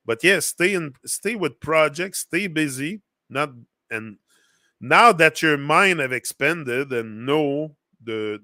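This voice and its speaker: A man with a French accent talks loosely about focus and the heart, reading viewer comments aloud as he goes. His voice is bright and forward, in a mid register. The sound is dry and close, with no room around it. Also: medium pitch, no echo. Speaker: motivational livestream host. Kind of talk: casual motivational chat.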